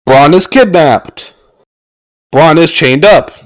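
A man casually recapping a wrestling match with sarcastic commentary and mock-excited outbursts. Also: on the high side, takes it slowly, low-quality recording.

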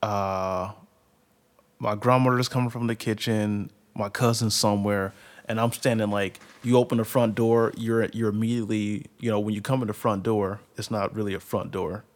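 Rambling young man with a lowish voice. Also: fairly even intonation, moderate pace. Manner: rambling, laughs often, many fillers. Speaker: storyteller. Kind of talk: casual personal anecdote.

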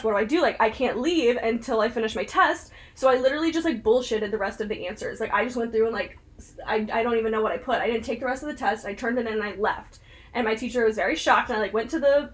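High, fast-talking young woman. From Ohio, US. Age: young adult. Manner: animated, giggly storyteller. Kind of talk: casual chat.

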